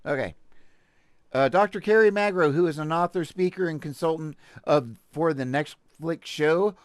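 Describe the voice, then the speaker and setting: A man's voice: fairly high pitch, normal speed, clear, resonant tone, no echo, studio quality. A man from Texas with a Texan accent, hosting a show and reading a news article aloud, with sarcastic asides and stumbling restarts. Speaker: podcast host.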